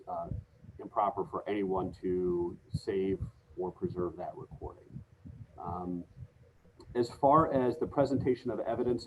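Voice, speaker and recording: A judge with a lowish voice reads out courtroom advisals in a formal, measured way, pausing often on fillers. His voice comes through a thin, phone-like line. A faint hiss sits under it. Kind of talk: presiding over a remote court hearing.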